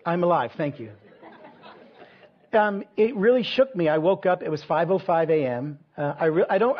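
Husky-voiced pastor telling a story. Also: male voice, fairly high pitch, muffled recording. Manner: conversational, self-deprecating storytelling with many fillers. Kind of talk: sermon with personal story.

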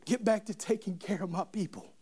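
A preacher doing a gentle, patient Jesus. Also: male voice, sits high, brisk, slightly rough. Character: patient gentle Jesus, grown man, teasing kindly.

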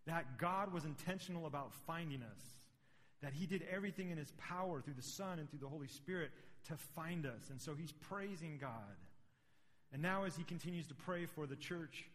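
Middle-aged pastor preaching in a reverberant church. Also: male voice, a little high, a bit bright. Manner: conversational, builds to emphatic points. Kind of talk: sermon. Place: church sanctuary. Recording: long reverb of a large hall.

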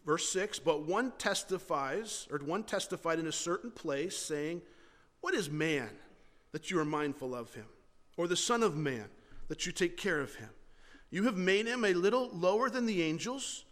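Male pastor with a high voice, earnest and chatty from the pulpit, recorded in a reverberant church hall. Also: animated, moderate pace, fairly bright tone. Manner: earnest, conversational preaching with rhetorical questions. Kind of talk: sermon.

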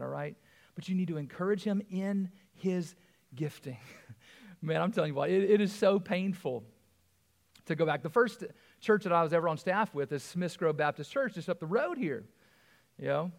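A man's voice: fairly high pitch, normal speed, gravelly. A man, preaching a conversational sermon as pastor, with frequent asides and repeated words.

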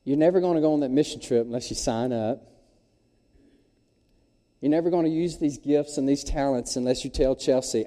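A man, preaching a sermon in a folksy, animated storytelling way. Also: medium pitch, moderate pace, pauses often, long reverb tail. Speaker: pastor. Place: church sanctuary.

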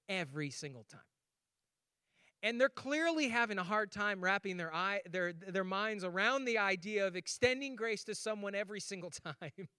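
A male pastor giving a sermon in a bright, high voice. He tells stories with lively, acted-out voices and laughs as he talks. The sound is dry and close. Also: smooth, dry recording.

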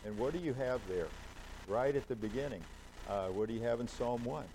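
A man's voice: medium pitch, brisk, darkish tone, a little hiss or hum, low-quality recording. A man, a pastor, preaching a conversational sermon and putting questions to the congregation.

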